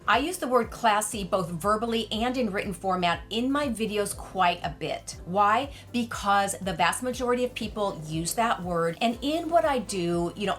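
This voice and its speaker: A woman's voice: mid-range voice, fairly bright tone. A middle-aged woman presenting etiquette tips in a light, gracious, slightly playful way. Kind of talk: instructional talk to camera.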